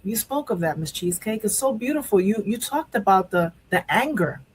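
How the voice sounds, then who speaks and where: A woman's voice: mid-range voice, expressive, fairly quick, a little hiss or hum, poor audio. A woman hosting a live talk show, speaking candidly and emotionally about grief, rambling with many restarts. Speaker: show host.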